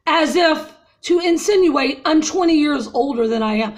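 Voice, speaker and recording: A woman's voice: sits high, normal speed, few pauses. A woman in her fifties venting to her viewers in an agitated, ranting way, upset after crying and calling her audience "y'all". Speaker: vlogger. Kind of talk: emotional personal vent to viewers.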